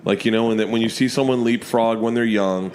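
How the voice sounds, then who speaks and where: Animated storytelling male comedian. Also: medium pitch, brisk, a little hiss or hum. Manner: animated, swears freely, acts out family members' lines. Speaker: comedian guest. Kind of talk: casual podcast storytelling. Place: comedy club during a remote podcast.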